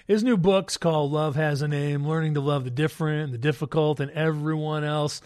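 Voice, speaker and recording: A man's voice: fairly high pitch, steady tone, moderate pace, hardly any pauses, darkish tone, no room sound. Man hosting a radio interview, dry sound. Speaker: radio host.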